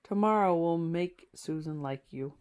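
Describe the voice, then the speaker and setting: A woman voicing an excited, eager little boy in a storybook reading, coaxing and pleading at times. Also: on the low side, unhurried, clean tone, lightly acted. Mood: gentle.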